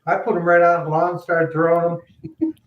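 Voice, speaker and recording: A man's voice: on the high side, steady tone, brisk, reverberant, recorded from a distance, highs cut off, a little hiss or hum. A man co-hosting a casual morning talk show, throwing in dry wisecracks and telling a short story of his own. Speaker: co-host. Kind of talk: casual chat.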